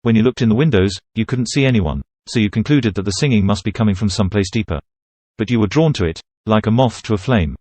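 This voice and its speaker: Low-voiced man narrating horror. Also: fast talker, warm tone, no room sound. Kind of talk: scripted second-person horror narration.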